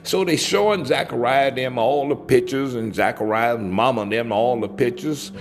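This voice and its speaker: A man's voice: mid-range voice, normal speed, faint music behind. A man telling a folksy story aloud, leaning on key words and drawing them out.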